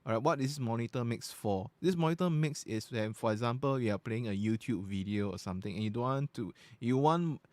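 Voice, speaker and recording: A man's voice: medium pitch, a little fast, hardly any pauses, darkish tone, no room sound. A man recording a casual product review at his desk, explaining each feature step by step into a USB podcast microphone. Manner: explains step by step in a chatty, informal way. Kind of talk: casual tech review demonstration. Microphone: studio USB podcast microphone at close to medium distance.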